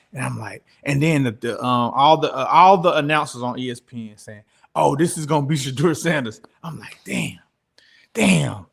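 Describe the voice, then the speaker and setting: A man co-hosting a casual sports talk show, animated and joking, often breaking into laughter. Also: medium pitch.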